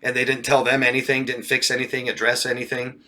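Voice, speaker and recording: His voice is medium-pitched, monotone and fast, yet bright and keen as he talks casually to viewers in his role as a relationship coach. Between frequent laughs and the odd swear word, he asks "yeah?" or "right?" and acts out friends with raised, mocking voices.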